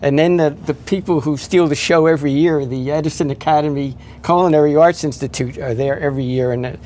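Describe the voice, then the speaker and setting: A man talking in a relaxed local interview, listing event details with many fillers and restarts. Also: fairly high pitch, quick pace, a little hiss or hum. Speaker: event organizer guest. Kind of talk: casual interview chat.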